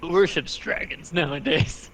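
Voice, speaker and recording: A man's voice: fairly high pitch, normal speed, a bit bright, far from the mic, a little hiss or hum, poor audio. A man playing a tabletop game, dry and playful in his remarks. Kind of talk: casual in-character play.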